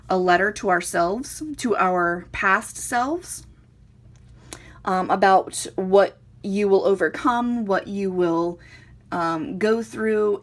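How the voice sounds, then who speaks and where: A woman in her thirties casually showing and explaining her craft journal to viewers, earnest and hesitant, with frequent ums. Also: mid-range voice. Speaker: crafting vlogger. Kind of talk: casual show-and-tell chat.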